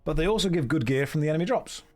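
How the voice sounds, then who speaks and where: A man's voice: fairly high pitch, expressive, very fast. A British man live-streaming a game, chatting casually and joking as he reads out and riffs on viewer messages.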